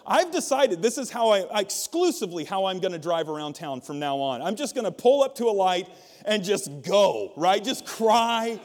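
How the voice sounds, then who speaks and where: A man's voice: high voice, sing-song, moderate pace. A male pastor preaching a sermon in a humorous, conversational way, asking the congregation questions. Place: church auditorium. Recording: long reverb of a large hall.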